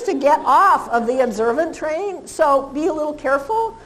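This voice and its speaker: A woman's voice: sits high, lively intonation, moderate pace, fairly bright tone, a faint crowd, poor audio. A middle-aged woman giving a lecture on dog behavior, chatty and often laughing, acting out dogs and people in quoted voices.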